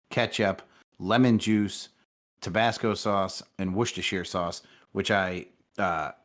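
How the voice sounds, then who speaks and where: Deep-voiced profane podcast man. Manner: profane, excitable storytelling. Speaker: podcast co-host. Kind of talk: casual podcast chat.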